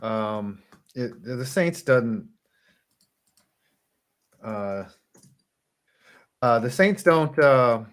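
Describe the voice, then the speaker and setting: Male podcast host, casual sports chat, halting delivery with many ums, mid-pitched voice. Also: lively intonation, fairly bright tone. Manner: rambling, hesitant, many fillers.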